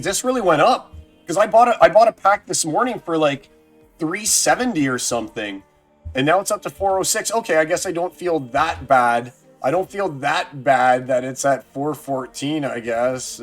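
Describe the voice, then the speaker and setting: A man streaming a card game live, chatting casually with his viewers and thinking out loud, with sudden excited outbursts. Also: on the high side, measured pace, soft background music. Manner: excitable, talks to chat, thinks aloud.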